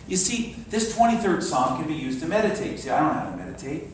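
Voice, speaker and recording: A man's voice: on the high side, sing-song, fast, hardly any pauses, background noise. Older man preaching in an echoey hall. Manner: storytelling, dropping to soft meditative tones. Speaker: minister. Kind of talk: sermon. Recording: very echoey hall, mic far off.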